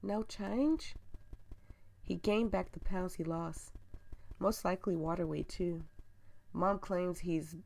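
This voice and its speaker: A composed lead doctor, as a woman reads her in a game playthrough. The delivery is matter-of-fact and clinical, on a low, gravelly voice. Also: slow pace, pauses often, a little mellow, heavily acted.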